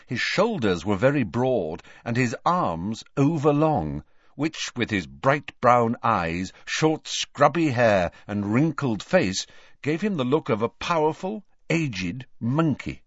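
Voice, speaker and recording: Lively male storybook narrator. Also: mid-range voice, takes it slowly. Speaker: audiobook narrator. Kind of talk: scripted narration. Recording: dull dry lo-fi recording.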